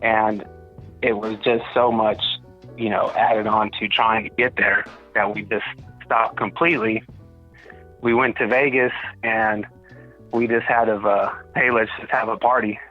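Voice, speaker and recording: A man's voice: fairly low pitch, flat delivery, a little slow, highs cut off, faint music behind. A man with a Southern US accent, chatting as a podcast guest in an easygoing, rambling way. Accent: Southern US picked up in Alabama. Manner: easygoing, rambling, many fillers. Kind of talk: casual chat.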